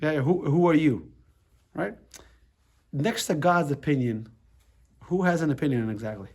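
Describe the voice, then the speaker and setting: A man's voice: fairly high pitch, expressive, unhurried, darkish tone. A middle-aged American rabbi teaching a casual class, talking loosely, restarting his sentences and checking in with the room. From United States. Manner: conversational, repeats words and restarts, asks the room "right?".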